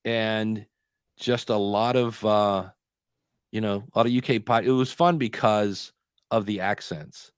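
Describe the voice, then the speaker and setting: Male podcast co-host, rambling storyteller, lowish voice, close and dry. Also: steady tone, smooth, no echo. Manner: chatty storytelling, pausing to hunt for words. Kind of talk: casual chat on a live stream.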